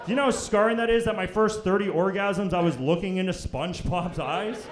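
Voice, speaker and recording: A young Canadian man doing a crude, brash stand-up set on a club stage, jumping into loud high voices when he quotes people. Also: a little fast, hardly any pauses. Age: young adult. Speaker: stand-up comedian. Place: comedy club stage before a live audience. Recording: echoey room with crowd laughter.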